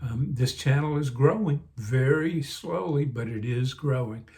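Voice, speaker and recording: An older man speaking at a middle pitch, reminiscing in a relaxed, meandering way. He stops and restarts often, leans on "um" and "you know", and sounds a little sleepy, yawning between thoughts. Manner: rambling, unhurried, many fillers and restarts. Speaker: vlog host. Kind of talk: casual reminiscing.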